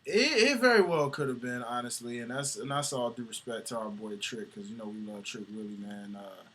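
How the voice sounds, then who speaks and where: A man co-hosting a casual wrestling talk show, animated and slangy, laughing often. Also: medium pitch, a little fast, slight background noise. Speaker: podcast co-host.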